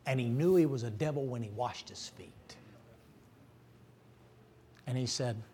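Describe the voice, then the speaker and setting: A middle-aged man preaching a folksy, joking sermon that climbs to loud, shouting peaks. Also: mid-range voice, a little slow, long pauses, husky. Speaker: pastor.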